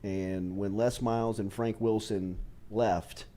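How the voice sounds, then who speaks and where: Mellow-voiced male sports radio host. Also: on the low side, fairly even intonation. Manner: chatty, quick to agree and riff. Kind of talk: casual sports radio chat.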